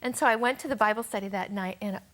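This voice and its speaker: A woman's voice: medium pitch, racing, fairly bright tone. A woman telling her personal testimony as a guest, earnest and often dropping to a near whisper.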